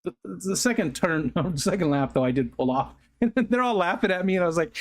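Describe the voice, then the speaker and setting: A man's voice: on the high side, animated, brisk, few pauses. A middle-aged man hosting a livestream, telling rambling stories in casual chat, often correcting himself and laughing. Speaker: livestream host.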